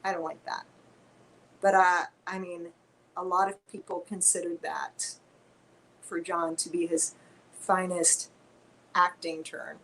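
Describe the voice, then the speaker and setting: A woman guest on a video-call Q&A, chatting in a lively, rambling way. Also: on the low side, takes it slowly, long pauses, a little hiss or hum, rough recording. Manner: chatty, animated, tangents.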